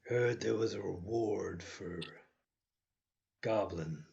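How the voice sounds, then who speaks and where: Low gravelly guy, super slow, deadpan player, kinda muffled lo-fi mic. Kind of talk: tabletop game play. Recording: dull lo-fi mic with faint noise.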